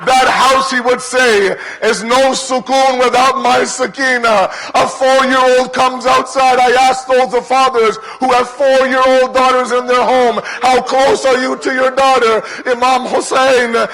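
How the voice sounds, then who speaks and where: Male preacher, bright tense voice, stays on one note, impassioned sermon telling. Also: very high voice, little pitch movement, unhurried, few pauses, low-quality recording. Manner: impassioned, rising to cries. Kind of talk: mourning sermon narration. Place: gathering hall.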